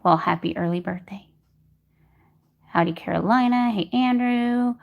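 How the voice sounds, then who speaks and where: A woman's voice: medium pitch, a little slow, vocal fry, highs cut off. A woman hosting a casual livestream from home, greeting viewers by name and reading their comments aloud. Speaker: livestream host reading chat. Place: home in Texas during a power outage.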